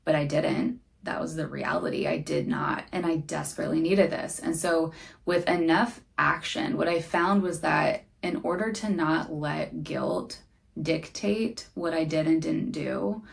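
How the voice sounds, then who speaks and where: A woman's voice: low-pitched, a little slow, vocal fry. A young woman hosting a podcast, speaking earnestly and candidly about her own struggles in a reflective monologue. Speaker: podcast host.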